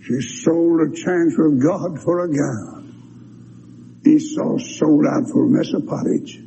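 An older man preaching a fervent revival sermon with an altar call, swinging from storytelling into shouted cries. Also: on the high side, slow, gravelly. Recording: dull lo-fi recording, faint hiss.

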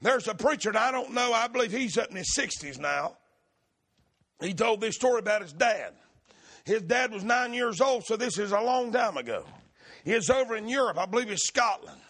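A preacher with a notably high, husky voice delivers a sermon. He shouts his points in a rhythmic cadence, then lowers his voice to tell stories. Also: animated, normal speed. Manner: shouted, rhythmic preaching that drops to quiet storytelling.

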